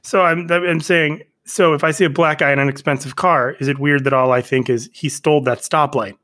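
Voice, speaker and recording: A man with a fairly high voice delivers jokes deadpan, drawing out his setups slowly. He is a comedian guest chatting casually on a podcast over a video call. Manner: deadpan joke telling, slow deliberate setups.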